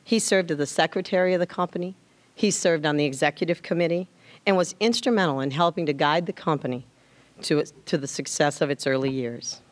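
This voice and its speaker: A woman giving an emotional tribute speech at an awards dinner, tearful, halting and repeating words as her voice rises. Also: sits low. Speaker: tribute speaker.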